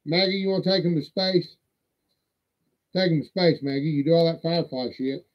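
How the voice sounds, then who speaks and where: A man with a fairly high voice, rambling and swearing in a folksy way as he hosts a livestream. His audio sounds dull and lo-fi. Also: normal speed. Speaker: livestream host. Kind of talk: casual livestream show-and-tell.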